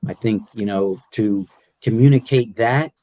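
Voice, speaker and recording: A man's voice: on the low side, measured pace, mellow, dry recording. An older man speaking on a panel as a former care partner, rambling with many fillers and restarts. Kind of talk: panel discussion.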